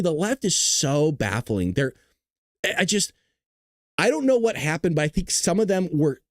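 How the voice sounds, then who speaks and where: A male commentator on a live stream whose pitch bounces around animatedly as he jokes and laughs. His tone is sarcastic and teasing, and the sound is dry and close with little room around it. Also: no room sound. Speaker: host of a political commentary livestream. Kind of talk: casual live political commentary.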